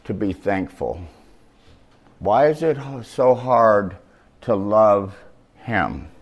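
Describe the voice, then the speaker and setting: Male preacher, slow and dramatic, voice jumps all over the place, gets loud and shouty then drops way down. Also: on the low side, dull audio. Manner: animated, shouting at peaks, conversational asides. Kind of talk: sermon.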